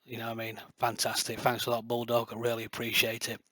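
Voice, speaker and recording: A man's voice: medium pitch, monotone, fast, fairly bright tone, no room sound. Passionate rambling man. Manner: passionate, boastful, rambling with many fillers. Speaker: light gun builder and video creator. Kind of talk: casual rambling talk to camera.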